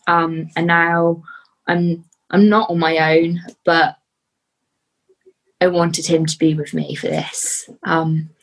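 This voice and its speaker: Brief: young woman guest, somewhat low voice, earnest, halting, heartfelt interview talk. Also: flat delivery, rough recording. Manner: earnest and heartfelt, pausing often with "um". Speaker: podcast guest, fitness athlete. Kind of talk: casual interview chat.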